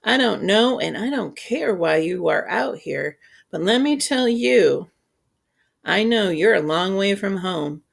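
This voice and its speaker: A woman reading aloud, voicing a friendly grown man who gently coaxes a hungry child out of hiding, slow and patient. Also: mid-range voice, expressive, gravelly, full character voice. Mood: coaxing. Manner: gentle, coaxing, unhurried.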